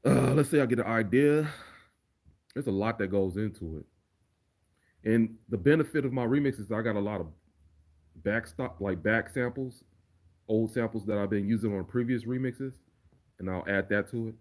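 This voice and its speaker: A man's voice: lowish voice, normal speed, pauses often, darkish tone. A man answering viewer questions on a casual livestream, laid-back and profane, often repeating words as he thinks. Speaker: livestreamer and remix producer.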